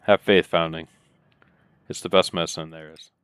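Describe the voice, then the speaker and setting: A man's voice: sits low, little pitch movement, normal speed, a bit bright, clear, resonant tone, no echo. A man voicing a kindly male priest with a soothing, musical, lilting way of speaking in a game.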